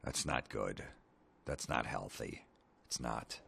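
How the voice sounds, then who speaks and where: A man hosting a comedy podcast, ranting sarcastically with lots of swearing and deadpan asides. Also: very deep voice, slow, creaky, slightly rough.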